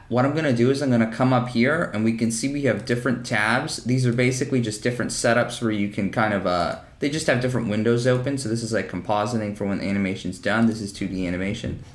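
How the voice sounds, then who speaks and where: Chatty man with roomy echo. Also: medium pitch. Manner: chatty, self-deprecating, laughs easily. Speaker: animation tutorial host. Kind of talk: casual software tutorial. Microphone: desk microphone. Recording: roomy echo in home room.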